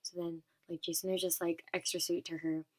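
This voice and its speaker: A woman's voice: on the low side, level tone, fairly quick. A young woman vlogger from California telling a long story in a rambling, casual way, full of "and then" and fillers.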